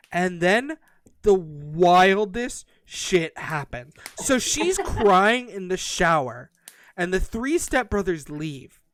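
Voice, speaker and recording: A male podcast co-host recaps a trashy novel in casual, profanity-laced chat. His pitch swings widely and expressively as he tells the story. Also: normal speed. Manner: animated, profane plot recap. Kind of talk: casual book review chat.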